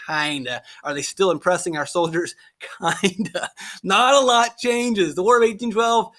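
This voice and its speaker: A man teaching a history lesson in a casual, animated way, often acting out quoted voices. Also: sits high, a little slow. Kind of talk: casual lecture.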